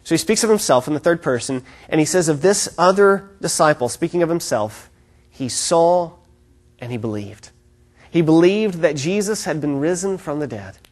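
Young male pastor, high voice, storytelling sermon with acted-out quotes. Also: lively intonation, a little fast, hardly any pauses. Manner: storytelling, acts out quotes with varied pitch.

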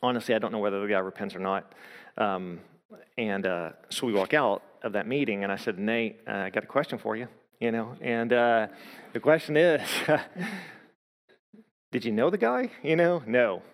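A man's voice: lowish voice, a little slow. A man preaching a sermon, telling a story in a conversational way with frequent restarts. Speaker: pastor. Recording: long hall reverb.

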